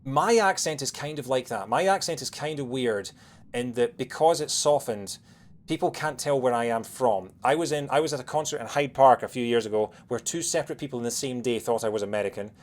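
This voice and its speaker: A man with a Scottish accent softened by years in England, chatting quickly while streaming a game, with lots of fillers and restarts. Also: medium pitch. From Scotland. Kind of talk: casual chat while playing a game.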